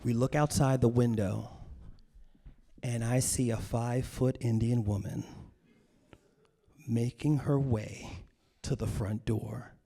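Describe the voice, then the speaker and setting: Gravelly-voiced male comedian telling a story. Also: medium pitch, takes it slowly, pauses often. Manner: animated, self-mocking, acts out scenes. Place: stage at a cultural center.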